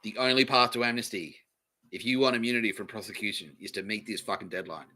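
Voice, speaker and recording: On a low-quality recording, a man with a fairly low voice talks quickly and sharply. He's hosting a comedy podcast, swearing constantly through a repetitive monologue, repeating phrases and laughing at his own lines.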